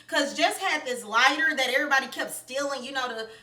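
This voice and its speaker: A woman with a high, sharp voice tells a movie's plot in a loose, animated way, full of slang and side comments. She sits back from the mic in an echoey room. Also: normal speed, hardly any pauses, far from the mic. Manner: chatty, animated storytelling with slang and asides. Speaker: film reviewer. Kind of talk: casual film plot recap.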